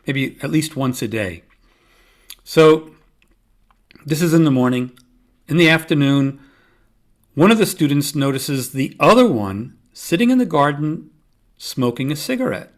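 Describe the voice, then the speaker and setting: A man hosting his own podcast, explaining yoga and mindfulness in a calm, measured teaching voice with gentle humor. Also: mid-range voice. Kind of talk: solo podcast talk.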